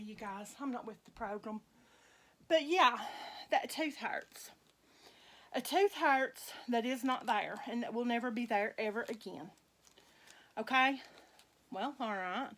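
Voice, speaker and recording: Slow-talking chatty woman. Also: a little high. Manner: slow, chatty, folksy, laughs often. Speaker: vlogger dressing reborn dolls. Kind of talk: rambling casual chat to viewers.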